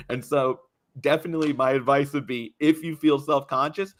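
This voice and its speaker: Young man, animated, expressive, casual chat, guest creator. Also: medium pitch, moderate pace, slight background noise. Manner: animated, expressive, laughs often. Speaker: guest, YouTube creator on tabletop games.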